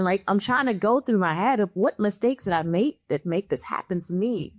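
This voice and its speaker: A woman's voice: mid-range voice, expressive, normal speed, few pauses, dry recording, clean studio sound. A woman guest on a panel, telling a personal story in a candid, emotional, conversational way. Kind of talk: personal testimony in a panel chat.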